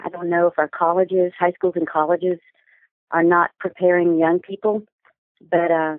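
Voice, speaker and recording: A woman coach answering interview questions in a clear, articulate, teaching manner. Her voice comes through a thin, phone-like line. The sound is dry, with no room to it. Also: lowish voice, no echo. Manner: articulate, instructive, measured. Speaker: business communication coach, guest.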